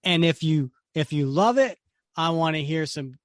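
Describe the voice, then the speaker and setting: A man's voice: on the high side, moderate pace, dry recording, clean studio sound. A middle-aged man co-hosting a podcast, chatting casually and animatedly, sometimes breaking into song and laughter. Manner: animated, sings snatches of songs and laughs. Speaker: podcast co-host. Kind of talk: casual chat.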